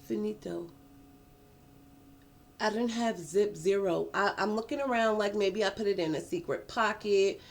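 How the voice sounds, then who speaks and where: A woman telling a personal story in a casual storytime vlog, animated and profane, dragging out words for emphasis. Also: mid-range voice, unhurried, gravelly. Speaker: vlogger.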